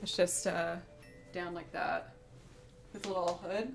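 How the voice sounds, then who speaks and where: Chatty woman streamer, low voice. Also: flat delivery, a little slow, gravelly, faint music behind. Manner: chatty storytelling, reads out donations. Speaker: streamer and musician. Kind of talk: casual live-stream chat.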